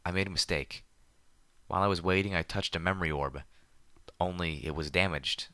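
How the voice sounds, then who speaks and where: A man's voice: low-pitched, fairly quick, pushed and bright, no echo. A man voicing a young female unicorn who speaks in a tearful, apologetic way. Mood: remorseful.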